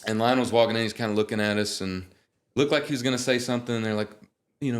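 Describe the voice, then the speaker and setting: A young man, a guest singer, telling animated, joking stories in a casual interview. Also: medium pitch, quick pace.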